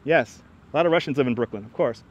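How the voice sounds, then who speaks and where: A man's voice: medium pitch, fast talker, highs cut off. A man hosting a casual live stream while walking outdoors in an urban park, chatty and teasing, greeting viewers as he goes.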